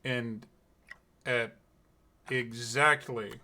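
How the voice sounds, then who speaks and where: A man, the game master, narrating a tabletop game in a slow, hushed, deliberate way. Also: mid-range voice, steady tone.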